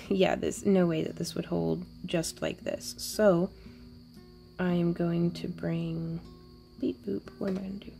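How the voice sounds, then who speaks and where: A woman hosting a wire-wrapping jewelry tutorial, thinking aloud casually as she works, with playful little sound effects and soft asides. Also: lowish voice, flat delivery, unhurried, gravelly, faint music behind. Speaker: jewelry-making tutorial host. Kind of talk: casual crafting tutorial narration.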